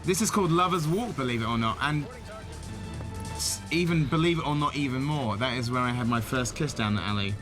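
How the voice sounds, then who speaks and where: A man's voice: medium pitch, brisk. A man in casual film-commentary chat, rambling with many fillers. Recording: faint music behind.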